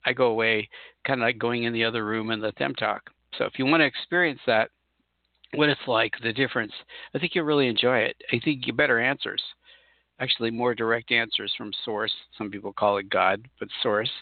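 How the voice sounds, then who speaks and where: A man's voice: medium pitch, fairly even intonation, brisk, no echo. A middle-aged man hosting a podcast, talking casually in a rambling, chatty way that often corrects itself. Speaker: podcast host and spirit channeler. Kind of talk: casual solo podcast monologue. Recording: tinny phone-like sound.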